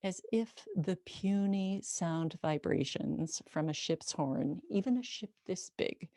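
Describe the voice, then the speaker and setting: Woman storyteller, vivid and conversational, slightly low voice, dry close sound. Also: dark tone, dry recording. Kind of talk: personal storytelling.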